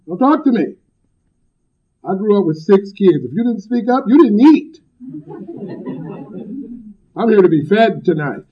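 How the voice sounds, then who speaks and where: Blunt, loud-spoken man on a dull recording. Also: high voice, very animated, unhurried, pauses often. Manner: blunt, loud and emphatic, joking. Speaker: speaker at a recovery meeting. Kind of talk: personal recovery talk.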